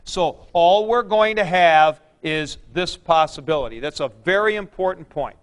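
A man's voice: on the high side, moderate pace, fairly bright tone, clear, resonant tone. A man teaching a Greek grammar class, explaining patiently and repeating the key points. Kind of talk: classroom lecture.

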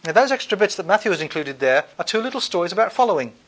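High-voiced guy lecturing his class, lots of ums and restarts, wry and easygoing. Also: big pitch swings, rapid-fire, a bit bright. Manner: thinking aloud with frequent fillers and restarts.

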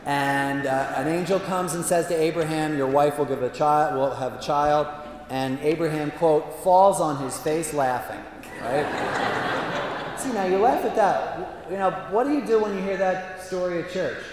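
A man's voice: a little high, unhurried. A man, a priest, giving a humorous talk to an audience, telling stories with playful asides. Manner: playful storyteller with frequent asides. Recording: roomy hall reverb, faint background noise.

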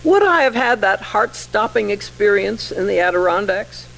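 Gravelly older woman giving a lecture. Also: medium pitch, expressive, fairly bright tone, slight background noise, low-quality recording. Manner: measured, precise, wry. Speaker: English professor giving a lecture. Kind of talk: formal lecture with poetry read aloud. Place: lecture hall.

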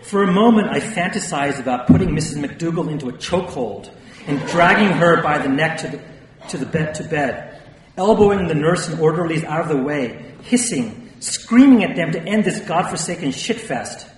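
Brief: male memoir narrator, fairly high voice, wry, distant reverberant recording. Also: lively intonation, normal speed, background noise. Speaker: audiobook narrator. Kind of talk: first-person memoir reading. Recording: distant, echoey room with long reverb.

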